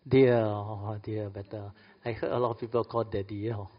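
A man's voice: on the low side, level tone, normal speed. A man with a Malaysian English accent gives a sermon to an audience. He is playful, laughs often and acts out little quoted dialogues. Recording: echoey hall, dull lo-fi sound.

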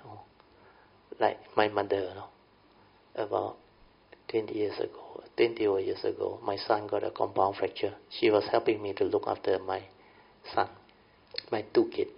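Middle-aged Malaysian-English man, Buddhist teacher, gravelly voice, folksy Dhamma talk, lo-fi recording. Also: on the low side, level tone, moderate pace. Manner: folksy, often checks in with "understand?". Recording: dull lo-fi recording.

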